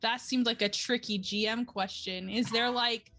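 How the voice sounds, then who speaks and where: Woman player at a tabletop game, high voice, playful and eager. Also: steady tone, normal speed, sharp tone, faint music behind. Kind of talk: casual tabletop game chat.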